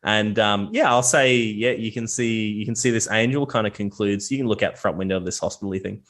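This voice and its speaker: This is a young man running a tabletop game. His voice sits a little low. He narrates in a loose, rambling way with many fillers. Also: brisk, fairly bright tone. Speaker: game master.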